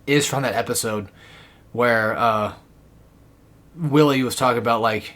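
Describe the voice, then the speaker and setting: A man's voice: a little slow, long pauses, fairly bright tone. A young man chatting casually while playing a co-op game, retelling cartoon scenes with frequent laughs. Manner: rambling storyteller, laughing, quoting cartoon lines in high put-on voices. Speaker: co-op gamer. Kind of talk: casual chat while gaming.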